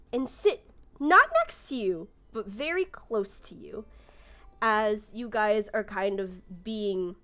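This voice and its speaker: A woman running a tabletop game as game master, narrating casually with lots of fillers. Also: a little high. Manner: casual, rambling with many fillers.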